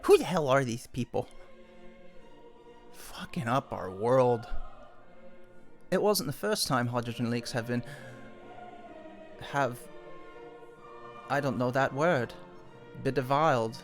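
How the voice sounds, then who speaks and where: A man's voice: mid-range voice, unhurried, long pauses, faint music behind. A man live-streaming, reading news articles aloud and breaking off into irritated, swearing asides. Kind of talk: ranting news commentary.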